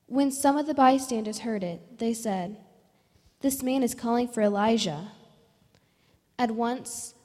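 A woman reading scripture aloud in a church service with a measured, solemn delivery. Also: fairly high pitch, a little mellow. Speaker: scripture reader. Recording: long church reverb.

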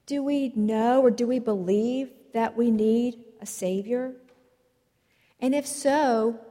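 A woman preaching a sermon, telling stories in a slow, measured way. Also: on the high side, warm tone. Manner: slow, measured storytelling delivery. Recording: long reverb of a large hall.

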